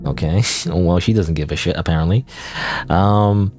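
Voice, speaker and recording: A man's voice: sits low, lively intonation, moderate pace, darkish tone, faint music behind. A man streaming a game, rambling in self-deprecating asides. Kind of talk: let's-play commentary.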